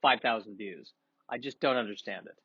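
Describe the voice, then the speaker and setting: A man's voice: fairly low pitch, a little fast, husky, no echo, lo-fi sound. Sniffly, self-mocking man rambling. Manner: self-deprecating, rambling with many restarts. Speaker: comedian vlogger. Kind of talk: casual rambling monologue.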